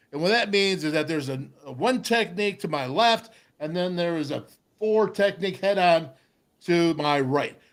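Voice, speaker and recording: A middle-aged man hosting a sports talk show, telling a lively football story and acting out voices. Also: high-pitched. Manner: animated storyteller, acts out voices, laughs often. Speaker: radio show host, former football player.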